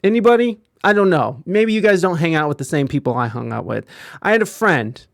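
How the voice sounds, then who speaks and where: A man giving casual live-stream commentary, profane and animated, often acting out quoted voices. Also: on the high side, a little fast, gravelly, no echo, studio quality.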